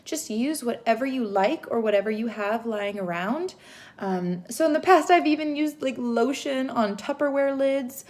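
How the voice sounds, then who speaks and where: A young woman giving a home literacy lesson to young children, sounding out words slowly and gently. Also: fairly high pitch. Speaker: teacher.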